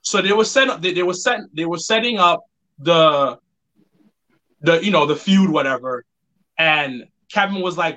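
A man with a bright, forward voice co-hosts a casual podcast. He tells stories, restarting his sentences quickly as he goes. His pitch sits a bit high. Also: expressive, low-quality recording. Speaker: podcast co-host. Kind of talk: casual chat.

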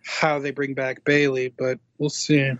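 A man's voice: mid-range voice, little pitch movement, measured pace, a bit bright, no echo, highs cut off. A man co-hosting a casual chat show, making wry, joking asides. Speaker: podcast co-host.

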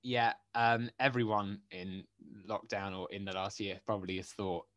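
A young man co-hosting a casual podcast chat from home, ranting in an animated, incredulous way. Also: fairly low pitch, normal speed, hardly any pauses, no echo. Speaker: podcast co-host. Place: home in Exeter.

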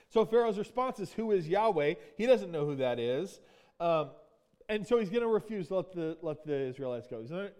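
Man preaching, conversational, higher-pitched. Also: darkish tone, clean tone. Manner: conversational teaching with frequent "right?" and restarts. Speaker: pastor. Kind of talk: sermon.

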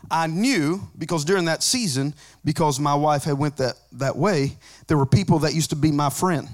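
A man preaching a sermon as a pastor, mixing joking asides with rising, shouted, sing-song preaching. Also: on the high side. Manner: conversational asides with humor.

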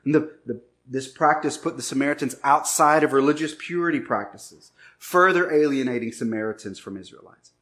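A male pastor preaching a sermon, telling a personal story with lively, acted-out dialogue before turning to scripture. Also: mid-range voice, brisk, few pauses. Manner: animated storytelling, acts out shouted lines.

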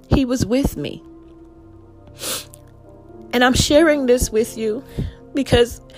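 Slow, heartfelt woman preaching a sermon. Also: on the high side. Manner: slow, heartfelt, reading scripture aloud.

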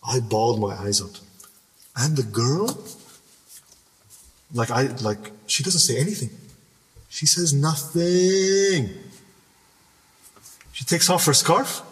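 A man's voice: mid-range voice, takes it slowly, long pauses. A man recounts a personal story to a podcast host, his voice leaping up and down. He stresses words hard and restarts sentences often. The room sounds echoey, with the mic some way off. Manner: animated, emphatic, repeats words and restarts. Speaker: podcast guest. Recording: reverberant room, mic at a distance.

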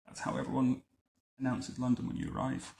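A man reading a picture book aloud to a child at home, adding wry, deadpan comments between the lines. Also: mid-range voice, fairly quick, vocal fry. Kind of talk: bedtime story reading with joking asides. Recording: roomy echo.

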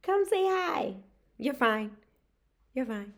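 Woman host, slow and heartfelt, livestream chat. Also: high voice, sing-song. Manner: warm, emotional, drawls words out. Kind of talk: casual livestream talk.

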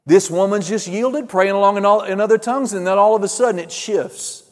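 A man preaching a fervent sermon, calling out amens and hallelujahs, swinging between loud and hushed. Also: high-pitched, brisk, in a large hall. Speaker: pastor.

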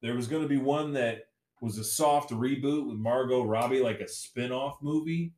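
A man co-hosting a movie podcast in casual chat, halting and correcting himself as he talks. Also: mid-range voice, darkish tone, echoey room. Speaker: podcast co-host.

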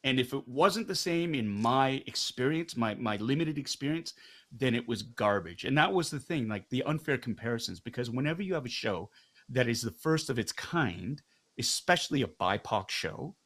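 A man's voice: mid-range voice, lively intonation, normal speed, fairly bright tone. A middle-aged man, a guest in a candid interview, making his points with rhetorical questions and a tag of "right?". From Canada.

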